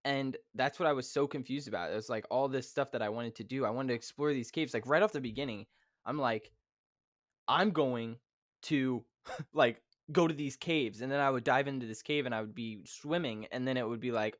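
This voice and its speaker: A man's voice: medium pitch, a little fast, no echo, studio quality. A man hosting a podcast in casual chat, rambling and acting out his own reactions. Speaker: podcast host.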